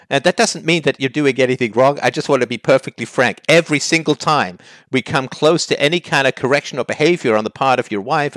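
A man's voice: medium pitch, fairly bright tone, no room sound, studio quality. A man hosting a call-in advice show, talking bluntly and challenging the caller with heat.

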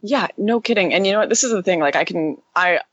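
A woman guest in an interview recounting her experience quickly and animatedly, full of "like" fillers. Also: mid-range voice, no room sound, highs cut off. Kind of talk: casual interview storytelling.

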